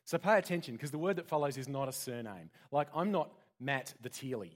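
A man's voice: mid-range voice, animated, brisk. A man preaching an interactive sermon in a church, joking and putting questions to the congregation. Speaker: pastor.

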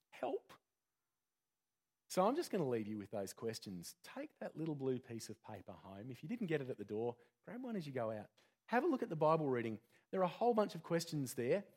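A man's voice: fairly high pitch, darkish tone. Man preaching in a conversational way. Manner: conversational preaching with rhetorical questions. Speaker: pastor. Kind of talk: sermon.

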